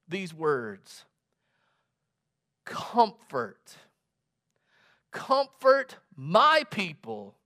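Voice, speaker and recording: A male pastor preaching a sermon, slow and deliberate, leaning on emphatic repetitions. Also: sits high, a bit bright.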